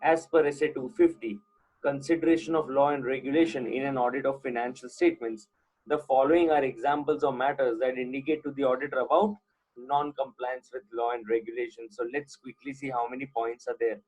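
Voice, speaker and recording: A man with an Indian accent lectures on accounting in a live online class, speaking a little fast in a medium-pitched, steady, slightly mellow voice. He mixes English and Hindi and often checks whether students follow along. The recording is rough.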